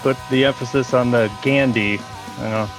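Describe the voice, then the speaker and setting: A man's voice: medium pitch, normal speed, music in the background. A man with an American accent, a regular podcast guest, talking casually and wryly from his home basement over a call. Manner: relaxed, wry, hesitant with fillers. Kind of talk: casual chat. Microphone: headphones and mic on a video call.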